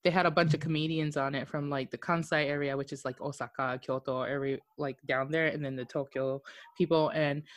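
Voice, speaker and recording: Candid, animated woman from Okinawa. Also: sits low, fairly quick, no echo. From Okinawa, Japan. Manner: animated, candid, swears casually. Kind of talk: casual chat.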